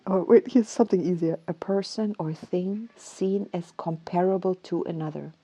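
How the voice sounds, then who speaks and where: A woman's voice: fairly low pitch, moderate pace, a little mellow. A woman hosting a solo show, talking casually and thinking aloud, laughing often and dropping into whispers. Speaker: podcast host.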